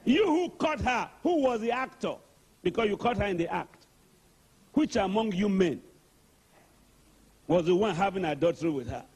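Husky, animated Nigerian preacher. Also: male voice, sits high, moderate pace, long pauses. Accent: Nigerian English. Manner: call-and-response, emphatic. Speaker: archbishop, preacher. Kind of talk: sermon.

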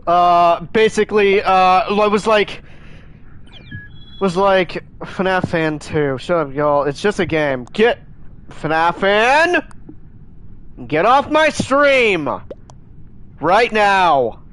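A man streaming a game live, chatting in a rambling, excitable way and scolding his chat, with many restarts. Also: high voice, slow, clear, resonant tone.

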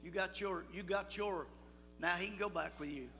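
A man's voice: high voice, moderate pace, pushed and bright. An older man leads a children's Bible school assembly in a folksy, coaxing way, calling out to the crowd. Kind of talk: leading a children's church assembly. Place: church hall. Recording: hall reverb with music.

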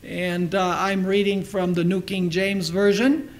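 A man preaching a sermon in a high-pitched voice. He speaks with emphasis, says each scripture reference twice and asks his listeners questions as he goes. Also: flat delivery, a little slow, poor audio. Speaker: pastor.

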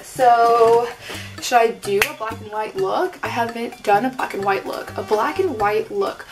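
A woman's voice: a little high, measured pace, music in the background. A young woman chatting casually through a makeup tutorial at home, self-mocking and sarcastic, with lots of "like" fillers, talking to a camera propped on a table. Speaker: beauty vlogger. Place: at home in front of a mirror.

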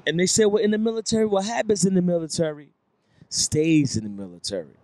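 A man's voice: high-pitched, expressive, fast, mellow, dry recording. A man doing stand-up, telling a rambling story with repeated lines and voiced quotes. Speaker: stand-up comedian. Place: comedy club stage.

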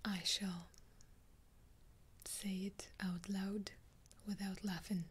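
A woman's voice: medium pitch, little pitch movement, takes it slowly, noisy background. A woman with a Russian accent whispering an ASMR video, reading a numbered list with dry, amused asides. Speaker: ASMR creator.

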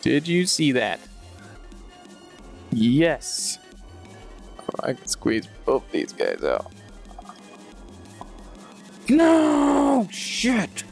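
A young man casually commenting on his gameplay, excitable and playful, shouting at wins and losses. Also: medium pitch, drawn-out words, gravelly, long pauses, faint music behind. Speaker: gaming video host.

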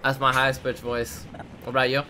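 A man's voice: mid-range voice, a little fast, heavy background noise. A young man streaming a video game, chatting casually with friends and viewers and trash-talking with lots of slang. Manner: excitable trash talk with slang. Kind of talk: casual gaming chat.

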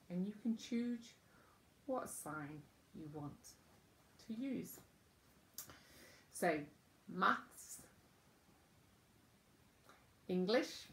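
A woman teaching children school signs, gentle and patient, naming each word with pauses. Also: on the low side, echoey room, a little hiss or hum. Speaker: children's sign language presenter. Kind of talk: slow teaching talk to children.

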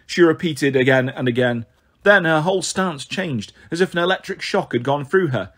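A man reading a children's novel aloud as steady first-person narration. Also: on the high side, brisk. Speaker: audiobook reader.

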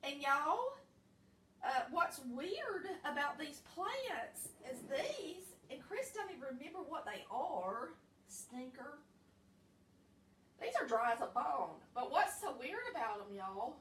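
Taking it slowly, this vlogger talks to her viewers from her home kitchen in a high, very animated, slightly bright voice. She's a middle-aged Southern woman with a Southern American accent and a folksy, casual way of chatting.

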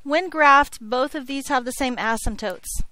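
A woman's voice: high voice, measured pace, bright, forceful tone, dry recording. A woman teaching an algebra class, joking with her students and checking in with frequent questions. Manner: playful, jokey, checks in with frequent "okay?". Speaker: high school algebra teacher. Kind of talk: classroom lecture.

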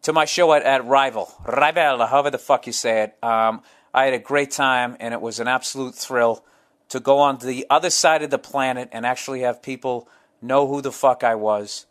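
A man hosts his own podcast as a casual solo monologue, rambling through tangents, swearing constantly and acting out crowd members and himself in quick voices. His voice is medium in pitch, steady and a bit bright.

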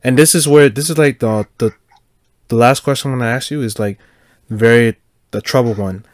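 A man's voice: medium pitch, normal speed, no room sound. Young man with a dry sound. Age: young adult. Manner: hesitant, searching for words. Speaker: podcast host. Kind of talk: casual interview questions.

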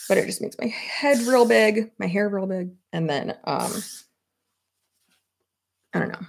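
A woman in her thirties with a gravelly, fry-tinged voice chats casually at home while styling her hair. She rambles from thought to thought and laughs often. Her pitch sits in an ordinary middle range. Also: animated, normal speed, a little hiss or hum. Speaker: YouTuber. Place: home office at her desk.

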